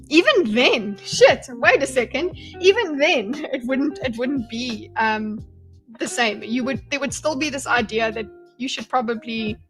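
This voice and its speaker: A woman's voice: a little high, fairly bright tone. A woman hosting a live stream, casually reacting to a debate video, thinking aloud and greeting her chat. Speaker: commentary streamer.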